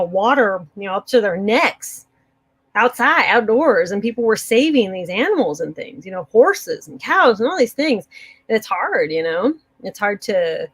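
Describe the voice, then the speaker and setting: Giggling a lot, this medium-voiced woman runs a prepping channel and talks through viewer comments in a relaxed, sunny tone.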